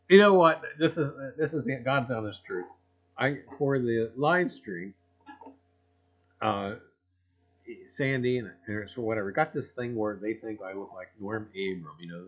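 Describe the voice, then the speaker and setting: A man with a lowish voice hosts a casual livestream chat, reading out viewer comments in a folksy manner, chuckling often and repeating "I tell you." The audio's high frequencies are cut off.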